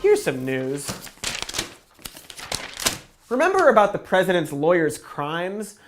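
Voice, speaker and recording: A woman's voice: lowish voice, wildly swooping pitch, slow, music in the background. A woman hosting a comedic news commentary, sarcastic and profane, sounding exasperated with the news.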